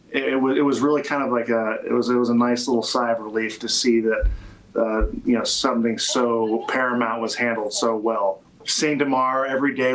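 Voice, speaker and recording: A man, a football player, answering interview questions in a halting way with many fillers and restarts. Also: medium pitch, low-quality recording. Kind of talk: interview conversation.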